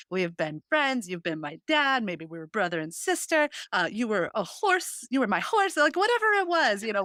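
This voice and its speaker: A woman's voice: medium pitch, bright, forceful tone, no echo. A woman in her thirties hosting a podcast, telling a personal story in an earnest, heartfelt way with lots of fillers. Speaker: podcast host. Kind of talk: casual chat.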